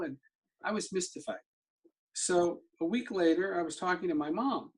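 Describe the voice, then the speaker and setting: A man's voice: high voice, moderate pace. A middle-aged man, a therapy practitioner, telling a personal story in conversation and acting out the dialogue he remembers. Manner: vivid storyteller who acts out remembered dialogue. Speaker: somatic therapy practitioner, guest.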